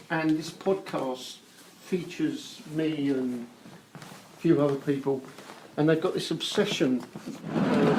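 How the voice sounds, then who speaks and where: A man who is a politician telling a measured anecdote on a talk show. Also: on the high side, a little mellow. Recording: noisy played-back clip.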